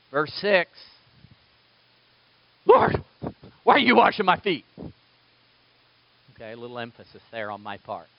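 Dynamic preaching man, lo-fi sound. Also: mid-range voice. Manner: dynamic preaching, swings from quiet to loud emphatic bursts. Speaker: pastor. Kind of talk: sermon.

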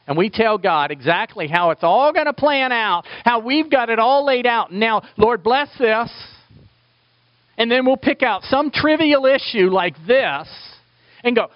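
A man's voice: high-pitched, no room sound. A man preaching a sermon as a pastor, asking his listeners rhetorical questions. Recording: dull lo-fi dry recording.

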